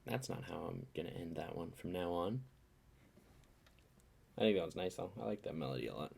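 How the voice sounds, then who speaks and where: A man's voice: low voice, animated, brisk, vocal fry, darkish tone, husky. A man, a singer-songwriter, chatting casually between songs into his own studio microphone, rambling and correcting himself as he goes. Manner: rambling, self-correcting, trailing off into mumbled asides. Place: indoors, dry-sounding room. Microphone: own studio microphone, headphones on. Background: acoustic guitar.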